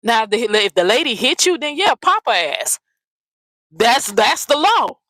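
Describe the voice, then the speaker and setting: A woman's voice: a little high, sing-song, normal speed, a bit bright, no room sound, rough recording. A woman hosting a commentary channel, ranting bluntly and profanely, often repeating herself. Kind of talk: heated casual commentary rant.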